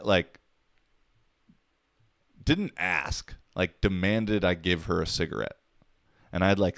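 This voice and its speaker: Low-voiced man ranting casually, dry sound. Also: smooth, dry recording. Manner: rambling, profane and wisecracking. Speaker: podcast host. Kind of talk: casual solo podcast monologue.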